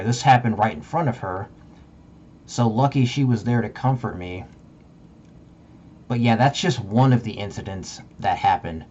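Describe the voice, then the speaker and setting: A man's voice: fairly low pitch, darkish tone. A young man telling a casual, rambling story, swearing often and saying "like" a lot. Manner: rambling, profane, heavy use of "like". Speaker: vlogger. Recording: muffled lo-fi with faint background noise.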